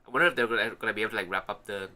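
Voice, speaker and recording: A man's voice: lowish voice, racing, bright, forceful tone. A man co-hosting a podcast in casual chat, rambling with lots of fillers and restarts. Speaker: podcast co-host.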